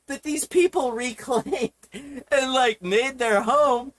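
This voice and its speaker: A woman's voice: sits high, slow. A woman streamer on a livestream, ranting in a heated, profane way. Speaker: live streamer.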